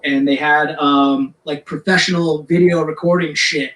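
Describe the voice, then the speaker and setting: A man's voice: on the high side, little pitch movement, moderate pace, fairly bright tone. A man, a metal singer and podcast guest, telling a rambling, profane story in casual chat. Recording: echoey room.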